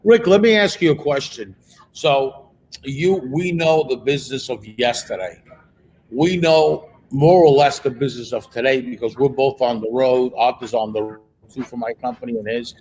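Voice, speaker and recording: A man's voice: medium pitch, moderate pace, darkish tone, husky, rough recording. Conversational male podcast host. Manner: conversational, asks questions with frequent "right?". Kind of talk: interviewing a guest.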